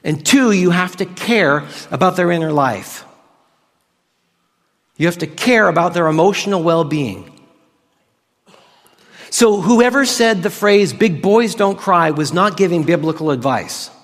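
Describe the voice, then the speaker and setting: A male pastor giving a casual, conversational sermon, drawing out key words slowly for emphasis. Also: high voice, animated. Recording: long hall reverb.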